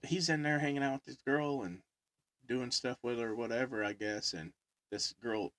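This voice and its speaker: A man's voice: medium pitch, moderate pace, fairly bright tone, no echo. A man telling a story in casual chat, rambling with many fillers and laughing as he talks. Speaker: podcast guest storyteller.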